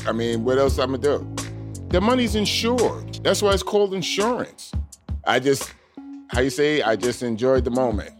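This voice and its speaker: A man, an armored car guard, telling his story in an animated way and acting out what people said. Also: medium pitch, normal speed, over music. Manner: animated, acts out quotes. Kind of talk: storytelling interview.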